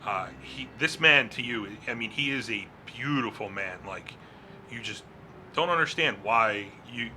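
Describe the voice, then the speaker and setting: Bright-voiced man narrating a tabletop game. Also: medium pitch, animated, measured pace, slight background noise. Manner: casual, descriptive, frequent fillers. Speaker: game master.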